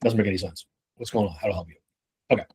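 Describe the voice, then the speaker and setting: A man giving casual sales-management coaching, talking loosely and with profanity while acting out quick snippets of conversation. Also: lowish voice, darkish tone, breathy edge. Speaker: sales trainer.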